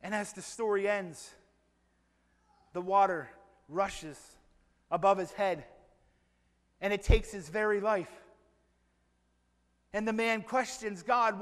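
A preacher with a high voice delivers a sermon. He tells stories and slows down to stress key phrases. His voice rings with the long reverb of a large sanctuary. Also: a bit bright. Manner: storytelling, with slow emphatic phrases.

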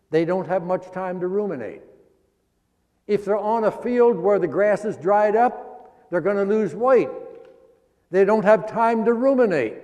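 A man's voice: high-pitched, mellow, big-room sound. A man preaching a sermon as pastor, folksy, stretching out key words for emphasis. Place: church sanctuary.

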